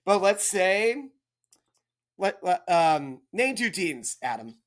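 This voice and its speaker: A man's voice: high-pitched, big pitch swings, slow pace. A man casually explaining baseball rules to a beginner, rambling, correcting himself and checking in with his listeners.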